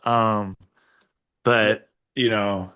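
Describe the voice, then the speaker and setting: A man's voice: on the low side, very slow, dull audio. Man spinning crude rambling stories. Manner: animated, profane, rambling anecdotes. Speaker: podcast guest, wrestler. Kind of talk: casual storytelling chat.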